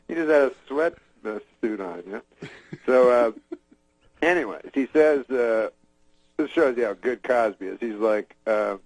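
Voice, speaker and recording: A man from Canada, telling a long casual story as a comedian guest in a rambling, halting, deadpan way. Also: mid-range voice, no room sound, rough recording. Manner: rambling, halting, deadpan, many fillers and restarts.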